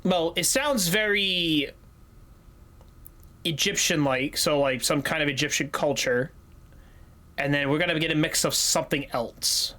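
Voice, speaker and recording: A man's voice: a little high, a little slow, long pauses, sharp tone. A man chatting casually on a gaming livestream, rambling loosely, swearing freely and laughing easily. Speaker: streamer.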